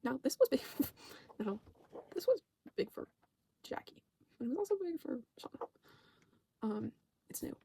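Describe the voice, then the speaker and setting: Rambling, swearing woman with a gravelly edge. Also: sits high, big pitch swings, normal speed, long pauses, warm tone, slight background noise. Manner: rambling, swearing, constant "like", self-correcting. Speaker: channel host recapping a TV show. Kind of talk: casual rambling recap.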